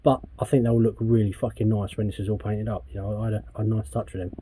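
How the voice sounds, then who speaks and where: A man's voice: fairly low pitch, level tone, quick pace, mellow, slight background noise. An English man vlogging casually while working on his van outdoors, rambling and swearing often in a laid-back way. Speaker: DIY van customizer vlogger.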